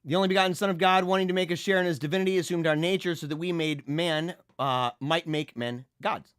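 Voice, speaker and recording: A man hosting a casual livestream, reading viewer comments and chatting in an animated, laughing way. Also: on the high side, clear, resonant tone, no echo, clean studio sound. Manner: animated, laughing, drawn-out slang. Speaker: livestream host.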